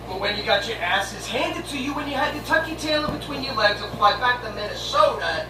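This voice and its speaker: A brash fan show host delivers a sarcastic, comedic rant mocking rival fans, his voice extremely high with lively intonation, a slightly fast pace, and few pauses. He sounds distant from the mic in a roomy space, with noise running underneath the video recording.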